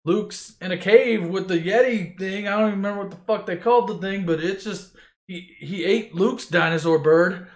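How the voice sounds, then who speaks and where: A man's voice: high-pitched, normal speed, reverberant. A man retelling a film as a profane, rambling comedy story, swearing constantly and loosely mimicking the characters.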